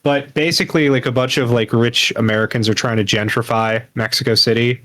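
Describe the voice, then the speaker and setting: A man chatting casually as a podcast guest, halting, with many fillers. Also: medium pitch, steady tone, fairly bright tone. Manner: hesitant, many fillers and restarts.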